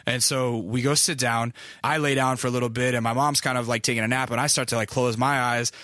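A young man hosts a podcast and tells a long, loose, profane story that often stops and restarts. His voice is bright and forward, and the close mic gives it a dry sound with no room echo. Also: medium pitch, steady tone, fairly quick. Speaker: podcast host. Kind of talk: casual storytelling monologue.

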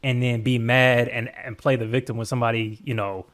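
Rambling, animated man chatting. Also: medium pitch, a little fast. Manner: rambling, animated storytelling with profanity. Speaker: podcast co-host. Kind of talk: casual reaction chat.

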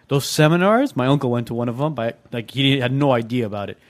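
A man in casual banter with friends, telling an animated story and mimicking the people in it. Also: mid-range voice, fast, hardly any pauses.

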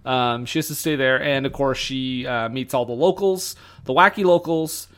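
A man's voice: medium pitch, moderate pace, a bit bright, smooth. A man co-hosting a podcast, rambling through a casual chat about an old film with lots of fillers. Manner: rambling, many fillers and laughs. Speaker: podcast co-host.

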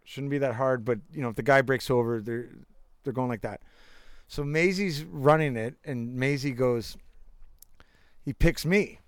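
A man's voice: mid-range voice, unhurried, no room sound. A young man in casual chat, telling rambling anecdotes with bursts of laughter and crude jokes. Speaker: storyteller.

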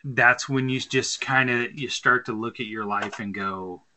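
Man, thirties, bright tone, casual podcast co-host, rambling anecdotes. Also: medium pitch, a little slow. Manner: rambling storyteller with many fillers and restarts. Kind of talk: casual chat over beer.

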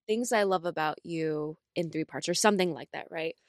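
A young woman co-hosting a podcast, telling a story in a casual, animated way with lots of filler words and laughter. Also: deep voice, normal speed, dry recording, clean studio sound. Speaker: podcast co-host.

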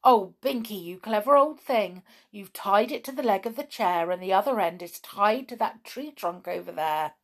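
A woman's voice: mid-range voice, lively intonation, moderate pace, few pauses. Woman reading an earnest young boy. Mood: admiring.

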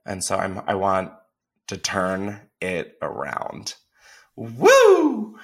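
A man's voice: low-pitched, slow, fairly bright tone. A man hosting a podcast in casual, candid chat, swearing freely and filling his talk with "like". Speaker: podcast host.

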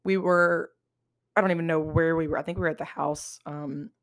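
A woman's voice: low voice, steady tone, a little fast, no echo, clean studio sound. Candid, foul-mouthed young woman podcaster. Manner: candid, swears a lot, laughs often. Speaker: podcast host. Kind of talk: casual solo podcast chat.

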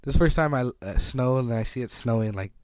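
A man's voice: medium pitch, quick pace, a little mellow, clear, resonant tone, no room sound. Rambling man, dry close sound. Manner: rambling, with many likes and restarts. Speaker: podcast co-host. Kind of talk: casual chat. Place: home, playing poker while recording.

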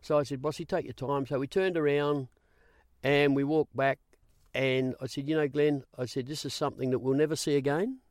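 Older man, Australian accent, animated storyteller, dry close sound. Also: mid-range voice, brisk, dry recording. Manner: animated yarn-spinning, acts out quoted dialogue. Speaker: guest, former racing reporter. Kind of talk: storytelling interview.

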